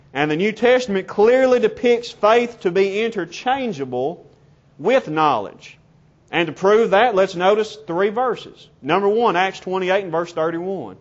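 A man preaching in a high voice, pressing each point with deliberate emphasis. His words come one by one, in numbered steps. The recording sounds dull and lo-fi. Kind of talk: sermon.

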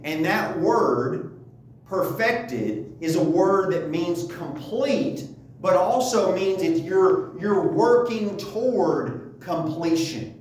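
A man's voice: high voice, expressive, slow, a little mellow, a little hiss or hum. A man teaching a Bible study lesson, asking rhetorical questions and checking in with his listeners as he goes. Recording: echoey room, voice from far off.

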